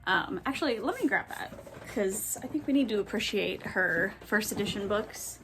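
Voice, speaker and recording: A woman's voice: medium pitch, lively intonation, moderate pace. A young woman talks casually into her camera at home, rambling and correcting herself as she goes. She has the hiccups, and a faint hum of room noise sits under her voice. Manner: chatty, rambling, with many ums and self-corrections. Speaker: book vlogger. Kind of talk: casual chat.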